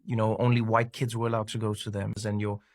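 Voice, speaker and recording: A man's voice: lowish voice, flat delivery, quick pace, a little mellow, no room sound, studio quality. A South African man recalling his childhood in an interview, thoughtful and hesitant, with many fillers and restarts. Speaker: interview guest. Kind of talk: reflective interview talk.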